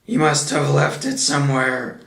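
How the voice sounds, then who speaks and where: A man's voice: a little high, little pitch movement, unhurried, gravelly, a bit bright. A man voicing a simple, kindly male bear in a growly voice, for a storybook reading. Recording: roomy echo.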